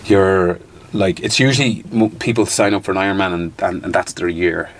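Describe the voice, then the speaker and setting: A man's voice: deep voice, moderate pace, slight background noise. A man in his thirties with an Irish accent, a guest in a casual interview telling stories with restarts and the odd swear word. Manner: animated, restarts sentences, occasional swearing.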